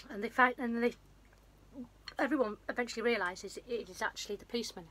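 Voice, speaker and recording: A woman's voice: fairly high pitch, moderate pace, a bit bright. A woman casually retelling a film's plot in a rambling, self-deprecating way, with a runny nose. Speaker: vlogger. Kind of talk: casual film recap.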